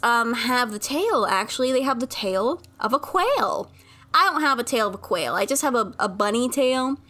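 A playful woman with a high, bright voice chats with her viewers while she games on a live stream. She giggles often, and her pitch bounces all over. She is recorded on a desk mic in a room at home. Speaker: game streamer. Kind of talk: casual live-stream chat while gaming. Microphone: desk mic at a home streaming setup.

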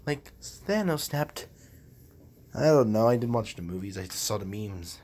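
A man's voice: on the low side, expressive, measured pace, a little mellow. A man rambling in a goofy, jokey way from his room while practicing on a language app. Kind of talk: casual rambling commentary.

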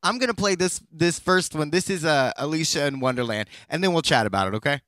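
A man's voice: a little high, animated, fast talker, a bit bright, no room sound. A man hosting a casual interview, rambling and restarting his questions with enthusiasm. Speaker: host.

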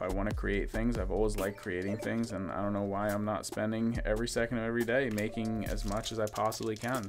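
A young man with a fairly low voice chats casually while opening cards and telling a story. He rambles with plenty of ums and likes in an easygoing way. Music plays clearly under his voice. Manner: rambling, relaxed, frequent fillers. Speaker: card-opening host. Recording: music playing clearly behind the voice.

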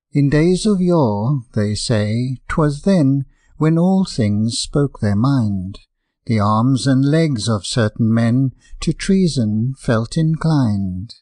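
A man reading rhyming fables as an audiobook narrator, in a measured, rhythmic verse delivery. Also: mid-range voice, animated, darkish tone, dry recording, clean studio sound.

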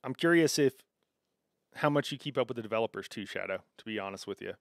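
A man's voice: on the low side, expressive, fast, creaky, dry recording, studio quality. A man streaming a game, talking casually with viewers and reacting to their chat, with many fillers and restarts. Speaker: gaming streamer. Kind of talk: casual live-stream commentary.

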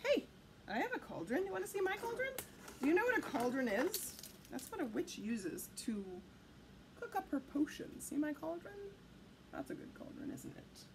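Animated woman reading to kids. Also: sits high, normal speed, background noise. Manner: animated, sing-song, talking to children. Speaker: children's storyteller. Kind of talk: reading a picture book aloud to children.

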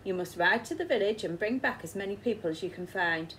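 A woman reading aloud, voicing a brisk, determined elderly wife in a children's storybook. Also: mid-range voice, fairly bright tone, slight background noise, close to an everyday voice, low-quality recording. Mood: firm.

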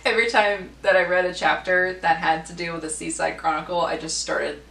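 A woman's voice: fairly low pitch, steady tone, vocal fry, a bit bright. Chatty woman reviewing books, roomy echo. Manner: chatty and enthusiastic, with frequent fillers and quick self-corrections. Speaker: book reviewer. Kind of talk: casual book review vlog. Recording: roomy echo, distant mic, faint hum.

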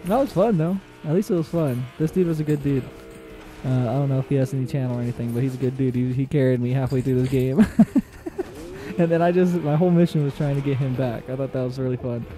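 A man giving excitable, casual commentary on his own gameplay, repeating short phrases and shouting in tense moments. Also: mid-range voice, fast, soft background music. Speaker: gaming channel host.

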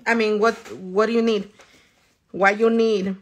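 A woman's voice: medium pitch, flat delivery, measured pace. A woman nail artist talking casually while she works, telling stories lots of swearing and slipping into now and then. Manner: loose and profane, chatty, reads viewer comments. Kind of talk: casual storytelling while working.

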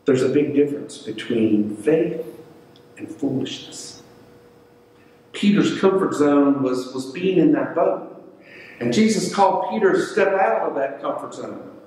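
This male pastor's sermon is built on stories, with him performing each quoted voice in turn. His voice is on the high side, expressive, unhurried and darkish, heard through a distant mic in the echoey hall of a church sanctuary.

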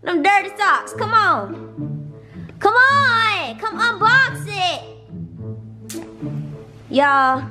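A woman's voice: very high voice, extremely slow, long pauses. A young woman vlogging at home, hyped-up and teasing as she films. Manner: hyped-up, teasing, animated chatter. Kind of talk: excited home vlog. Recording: background music under the voice.

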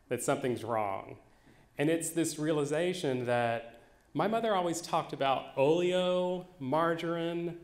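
A man telling a funny personal story live on stage, wry and animated. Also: medium pitch. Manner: wry, animated, slow-building. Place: theater stage. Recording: echoey live venue.

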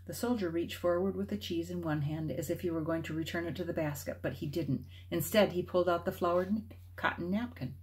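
A woman reading a children's novel aloud, expressive and varied in her delivery. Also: on the low side, fairly quick. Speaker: storybook reader.

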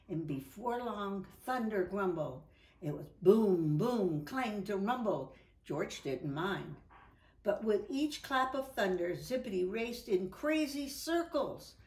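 A woman reading a children's picture book aloud, with lively, drawn-out delivery. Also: medium pitch, roomy sound. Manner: animated, drawn-out, voices for characters. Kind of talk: children's storybook read-aloud. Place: indoors at home.

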